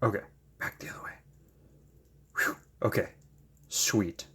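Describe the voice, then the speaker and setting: A man chatting casually while he paints, gushing with excited exclamations and making self-deprecating asides. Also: unhurried. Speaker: paint-pouring channel host.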